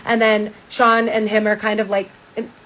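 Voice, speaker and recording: A woman's voice: medium pitch, little pitch movement, normal speed, fairly bright tone, a little hiss or hum, low-quality recording. A woman giving a breezy, gossipy, casual recap of a book, now and then acting out quotes.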